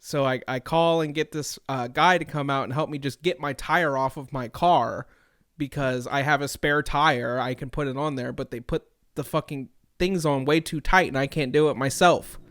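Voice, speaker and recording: A young man co-hosting a podcast, telling a story in a casual, profane, animated way. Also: on the high side, normal speed, dry recording, clean studio sound. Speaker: podcast co-host.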